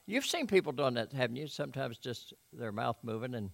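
A preacher delivering a sermon, reading scripture and making conversational, folksy asides to the congregation. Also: male voice, medium pitch, very animated, fairly quick, vocal fry, hardly any pauses.

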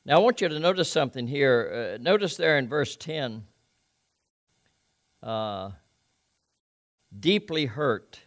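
A man preaching, with a steady mid-range voice and a gravelly texture. He reads scripture and then chats with his listeners in a folksy way. His delivery rises for emphasis and drops into quiet asides. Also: mid-range voice, unhurried, long pauses. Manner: conversational with asides to the congregation. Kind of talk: sermon.

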